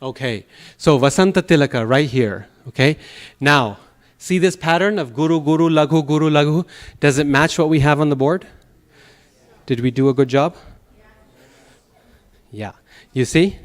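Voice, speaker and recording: A man teaching a Sanskrit class, explaining patiently, checking in with the students and reciting verse slowly in rhythm. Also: fairly high pitch. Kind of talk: classroom lecture. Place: temple classroom.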